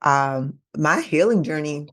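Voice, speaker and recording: A woman in her thirties hosting a casual interview, telling a personal story in an animated way and acting out what people said. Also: slow. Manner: animated storytelling, acting out quoted lines with big pitch jumps. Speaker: podcast host.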